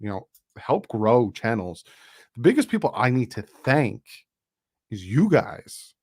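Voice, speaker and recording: A man's voice: mid-range voice, very animated, measured pace, a little mellow, slightly rough. A man hosting a casual live stream, chatting loosely, reading out donations and plugging sponsors. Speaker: YouTube streamer and channel host.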